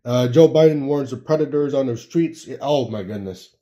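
Rambling young man with a mellow voice. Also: medium pitch, normal speed. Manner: rambling, laughing, many fillers and restarts. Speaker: political commentator. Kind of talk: casual political rant.

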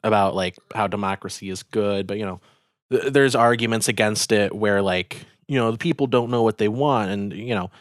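Smooth low-voiced man chatting. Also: moderate pace, no room sound, clean studio sound. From United States. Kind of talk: casual conversation.

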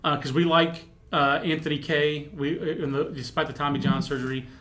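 A man in casual podcast chat about baseball prospects, animated and rambling, poking fun at himself. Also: a little high, moderate pace. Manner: animated, rambling, self-mocking.

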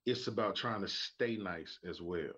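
A man in his forties with a Southern US accent, telling lively stories as a podcast guest and mimicking other people's voices. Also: lowish voice, measured pace. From Birmingham, Alabama. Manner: animated storyteller, mimics voices. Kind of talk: casual interview chat. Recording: dull lo-fi audio.

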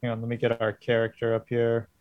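A man narrating as game master of a tabletop game, relaxed and halting. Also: medium pitch, no room sound, phone-quality sound.

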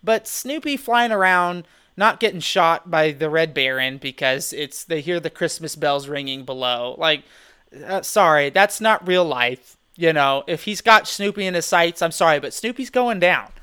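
Rambling, animated podcast guy. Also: fairly high pitch, normal speed, clean tone. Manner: rambling, animated, lots of "dude" and restarts. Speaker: podcast co-host. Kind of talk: casual chat.

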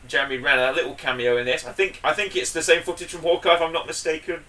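A man's voice: fairly high pitch, fast talker, recorded from a distance. Chatty man, a bit off-mic. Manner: enthusiastic, rambling, loud bursts when excited. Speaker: podcast co-host. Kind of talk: casual chat.

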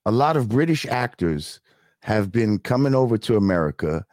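A man's voice: lowish voice, no echo, studio quality. A middle-aged man with a New York accent hosting a podcast, chatting casually and cursing freely. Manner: animated, swears freely, drawn-out asides. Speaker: podcast host. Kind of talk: casual interview chat.

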